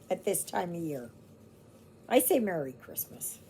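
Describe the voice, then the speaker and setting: A woman from Canada, a home vlogger, chats to her viewers in a slow, rambling way. Her voice sits low and mellow with a gravelly edge. Faint household noise hangs in the background. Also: very animated. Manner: rambling, chatty, laughs easily. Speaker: cross-stitch vlogger. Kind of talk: casual chat to viewers.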